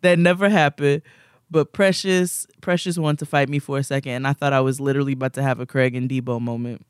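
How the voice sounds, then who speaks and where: Animated young man telling stories. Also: medium pitch, quick pace, smooth, dry recording, studio quality. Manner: animated, rambling, laughs often. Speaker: podcast co-host. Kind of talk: casual storytelling chat.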